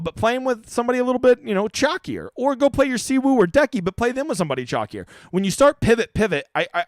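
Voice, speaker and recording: A man's voice: high-pitched, dry recording, studio quality. A man hosting a casual live-stream Q&A, reading viewer questions aloud and answering them bluntly, with the odd swear word. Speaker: fantasy golf streamer.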